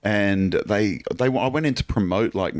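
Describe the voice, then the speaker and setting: A man's voice: fairly low pitch, moderate pace, no echo, clean studio sound. A man, a comedian guest telling stories in a laid-back, swearing way. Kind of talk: casual chat.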